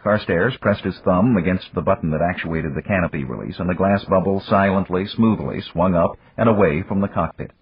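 A man reading a novel aloud as audiobook narrator in a measured, dramatic way. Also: deep voice, slight background noise. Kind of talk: scripted narration. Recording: dull lo-fi dry recording.

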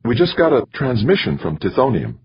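A man reading an audiobook, voicing an excited young male grad student on a night phone call. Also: medium pitch, a little fast, husky, pitched above the performer's own voice, heavily acted. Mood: eager. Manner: eager, trembling with excitement.

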